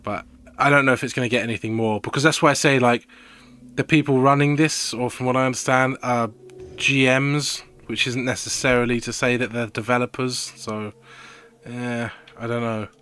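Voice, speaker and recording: A man's voice: medium pitch, fairly even intonation, moderate pace, fairly bright tone, clean tone. A young man streaming a video game, chatting casually in a rambling, sweary, laid-back way. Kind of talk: casual gaming stream chat.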